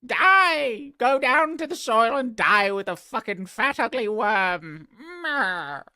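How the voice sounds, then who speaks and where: A man voicing a haughty male butterfly who taunts a caterpillar with shouted insults, in a mocking put-on voice on a livestream. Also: very high-pitched, lively intonation, slow, no echo, clean studio sound, voice pushed up, full character voice. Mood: sneering.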